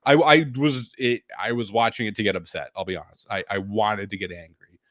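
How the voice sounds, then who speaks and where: A man's voice: on the low side, fairly even intonation, a little fast, a bit bright, no room sound, studio quality. A man co-hosting a casual sports podcast, ranting with incredulous, mocking quoted voices. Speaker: podcast co-host.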